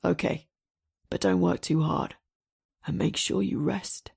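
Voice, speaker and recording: Woman putting on a gruff low husband voice, calm, protective, bit mellow. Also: unhurried, exaggerated voice. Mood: calm, tender. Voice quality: deep, gruff.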